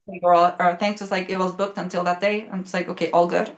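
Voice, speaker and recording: A young woman chatting casually as a guest, telling a story quickly with lots of fillers and the odd swear word. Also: lowish voice, level tone, lo-fi sound. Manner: fast, rambling, many fillers, swearing.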